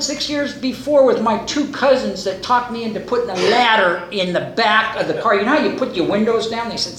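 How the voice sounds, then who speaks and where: Older man telling an animated recovery story. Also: very high voice, normal speed, few pauses, echoey room, a loud crowd, low-quality recording. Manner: animated storyteller acting out voices, chuckling. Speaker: recovery meeting speaker.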